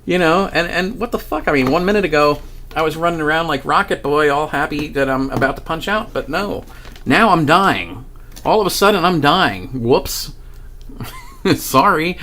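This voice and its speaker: A man's voice: a little high, animated, moderate pace, pushed and bright, a little hiss or hum. A man vlogging about a paranormal experience, rambling and profane as he tells the story, with frequent restarts and chuckles. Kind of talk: casual storytelling monologue.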